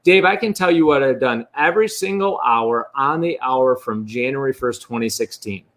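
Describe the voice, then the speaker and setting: A man's voice: mid-range voice, moderate pace, a bit bright. A man talking as a real estate coach in a candid interview, blunt and profane. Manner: blunt and profane, speaks freely.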